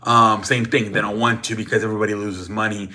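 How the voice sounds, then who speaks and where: A man's voice: on the low side, level tone, fast, pushed and bright. A young man hosting a sports show, rambling in a profane, casual rant full of restarts and "man" tags.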